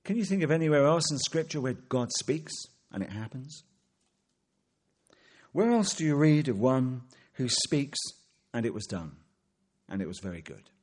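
A man's voice: mid-range voice, sing-song, moderate pace, long pauses, darkish tone. A man preaching an expository sermon, asking rhetorical questions and quoting scripture.

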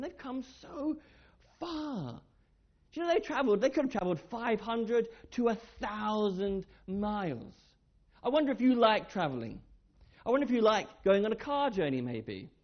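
A church speaker tells a Bible story to children with a lively, swooping delivery, stopping often to put questions to them. The recording sounds dull and lo-fi. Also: mid-range voice. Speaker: children's talk leader. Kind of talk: children's sermon.

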